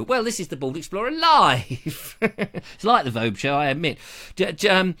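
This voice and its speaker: A man's voice: sits high, big pitch swings, normal speed, sharp tone. A man hosting a casual livestream, jokey and rambling, chatting into a lavalier mic. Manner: jokey, rambling, slips into silly voices. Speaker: livestream host.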